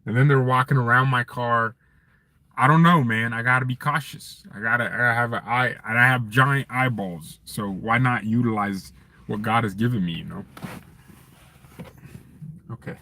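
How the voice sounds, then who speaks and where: A man's voice: mid-range voice, moderate pace. Man ranting casually on a live stream. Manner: animated, joking, ranting. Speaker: fan channel host. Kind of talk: casual live-stream chat reading viewer messages.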